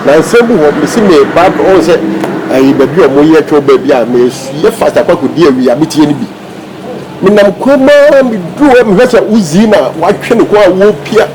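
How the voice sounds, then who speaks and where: A man in a comedy skit, arguing insistently and quickly. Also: on the high side, lively intonation, noisy background.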